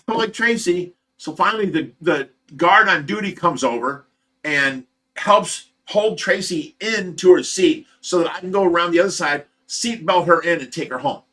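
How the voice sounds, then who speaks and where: A man with an Ohio accent hosting a livestream, telling a long personal story in a rambling, animated way and acting out the voices of the people in it. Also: on the high side, normal speed. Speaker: livestream host. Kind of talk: casual storytelling.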